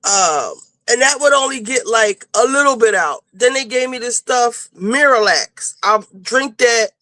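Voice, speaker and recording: A woman's voice: a little high, fairly bright tone, dry recording. A woman panelist in casual chat, talking bluntly and rambling with plenty of swearing. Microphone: video call.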